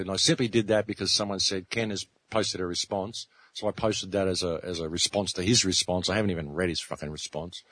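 A man's voice: sits low, fairly bright tone, no room sound. A man giving a blunt, profane, emotional interview over a remote call line. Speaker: interview guest.

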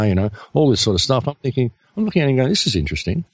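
A man's voice: medium pitch, sing-song, rapid-fire, hardly any pauses, no echo. An Australian man, a radio guest, telling a long story in a casual, rambling way with many fillers.

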